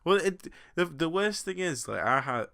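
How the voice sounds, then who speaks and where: A man's voice: fairly high pitch, sing-song, normal speed, creaky, sharp tone. A young man from the UK, co-hosting a podcast and telling rambling, self-deprecating stories with a lot of laughing. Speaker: podcast co-host. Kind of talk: casual chat.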